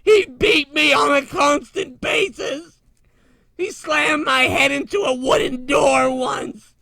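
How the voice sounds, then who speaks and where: A man's voice: very high-pitched, slow pace, vocal fry, bright, forceful tone, exaggerated voice. A man voicing an abused male house cat who wails, sobs and meows between complaints in a comedy podcast bit. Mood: sobbing. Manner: wailing, sobbing, meowing between complaints.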